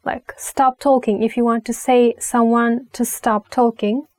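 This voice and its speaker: A young woman with a Turkish accent teaching a language lesson, talking slowly and patiently, repeating phrases with many fillers. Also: fairly high pitch, flat delivery, a little mellow, no room sound. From Turkey. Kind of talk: relaxed spoken language lesson.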